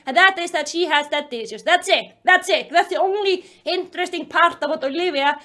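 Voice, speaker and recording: A woman doing a sarcastic, animated book review commentary with mocking, exasperated outbursts. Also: extremely high pitch.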